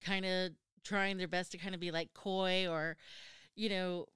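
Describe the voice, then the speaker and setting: A woman hosting an interview, asking questions in a relaxed, conversational way. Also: fairly low pitch, unhurried, smooth, no room sound, clean studio sound. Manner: conversational, asks probing questions. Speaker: host. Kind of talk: casual interview.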